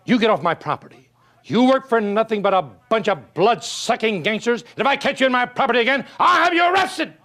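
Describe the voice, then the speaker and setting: A man voicing a rude male business prospect who is throwing a salesman out of his office and shouting in outrage. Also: very high voice, lively intonation, fairly quick, voice pushed up, exaggerated voice. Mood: outraged.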